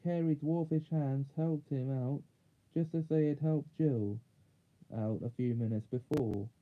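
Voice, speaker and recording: A man reading a children's fantasy chapter book aloud in a measured way, now and then correcting small slips. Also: medium pitch. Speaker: audiobook reader. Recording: tinny phone-like sound.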